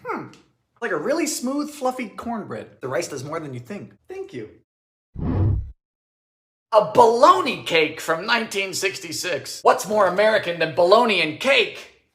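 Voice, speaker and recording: A man narrating a comic cooking vlog about vintage recipes, making dry deadpan jokes and breaking into sudden shouts. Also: high-pitched, a little slow. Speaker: home baker trying vintage recipes. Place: home kitchen.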